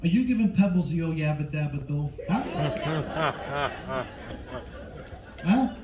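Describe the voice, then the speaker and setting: A man doing a low, mumbling impression of a menacing mob-style tough guy on a comedy stage. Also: animated, slow pace, reverberant, muffled recording, crowd noise, background noise. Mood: threatening.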